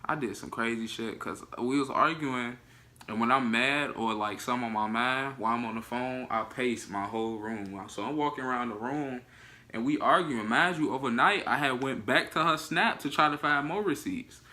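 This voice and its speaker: Young man, bright forceful voice, joking, casual storytime. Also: mid-range voice, normal speed. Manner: loose, joking, cuts in. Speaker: vlogger, storytelling half of a couple.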